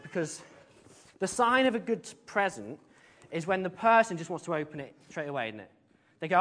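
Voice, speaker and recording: A man with a high voice leads a relaxed all-age church talk. He chats with the congregation, stumbles over words and drops in playful asides. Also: a little fast. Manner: chatty, hesitant, with many ums and playful asides. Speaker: service leader.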